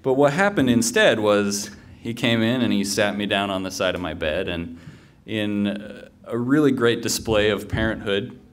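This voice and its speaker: A man's voice: on the low side, expressive, normal speed. A man telling a humorous personal story live on stage, in a conversational way with fillers and restarts.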